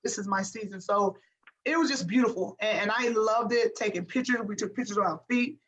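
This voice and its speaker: A woman's voice: a little high, fairly quick, fairly bright tone, dull audio. Give me an emphatic woman coach giving a motivational interview, repeating phrases for effect. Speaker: guest, basketball coach.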